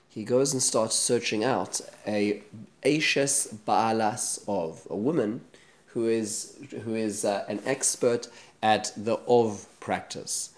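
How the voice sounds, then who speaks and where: A man's voice: medium pitch, darkish tone. A man teaching a Torah study lesson, retelling a Bible story in a conversational way with Hebrew terms and frequent restarts.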